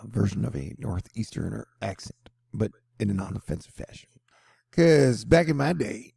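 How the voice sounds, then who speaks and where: A man's voice: fairly low pitch, vocal fry, mellow, breathy edge, no echo, clean studio sound. A middle-aged man hosting casual weather news commentary, rambling with playful jokes and asides. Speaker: host.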